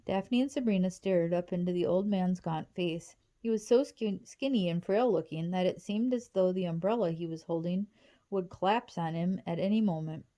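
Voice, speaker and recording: A woman reading a novel aloud in a steady, even storytelling manner. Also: on the low side, moderate pace. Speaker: audiobook reader.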